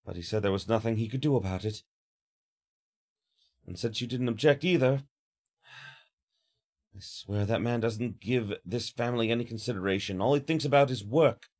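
A man's voice: medium pitch, moderate pace, long pauses, darkish tone, pitched below the performer's own voice, natural voice. A man voicing a worried middle-aged mother who grumbles fretfully.

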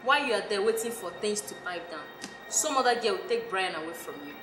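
A woman's voice: mid-range voice, expressive, quick pace, natural voice. A woman plays a blunt friend who lectures with biting sarcasm. Her voice is heard from a distance in a reverberant room. Music runs beneath it. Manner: scolding, sarcastic. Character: blunt scolding female friend. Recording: roomy, distant, music underneath.

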